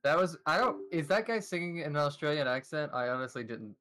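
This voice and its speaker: Relaxed, joking cooking stream host. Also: mid-range voice, quick pace. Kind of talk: casual live-stream chat.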